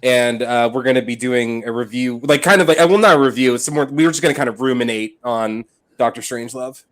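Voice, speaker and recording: A man's voice: mid-range voice, fast talker. A man co-hosting a casual podcast, rambling with many fillers as he plugs his own stream. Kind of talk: casual chat.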